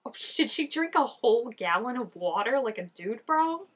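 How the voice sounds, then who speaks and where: A woman's voice: on the high side, sing-song, moderate pace, slightly rough. A woman reacting to a TV episode in casual commentary, exclaiming, gasping and laughing often at the screen. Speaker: TV show reactor.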